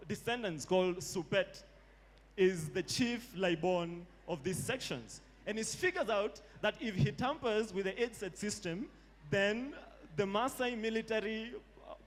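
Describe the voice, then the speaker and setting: A man with a Kenyan accent giving a casual storytelling lecture at a live event, relaxed and slangy, dropping in Swahili phrases. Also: high-pitched. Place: live talk event indoors.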